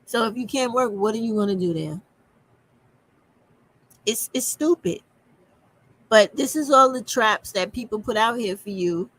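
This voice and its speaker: A woman's voice: a little high, measured pace, long pauses, fairly bright tone. A woman commenting on a clip, emphatic and repetitive as she drives her points home. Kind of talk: reaction commentary.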